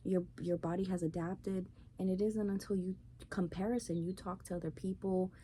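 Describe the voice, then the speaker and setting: A woman's voice: lowish voice, fairly even intonation, normal speed, warm tone. A woman hosting her own show, ranting bluntly and profanely in a casual opinion monologue. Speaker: podcast host. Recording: faint background noise.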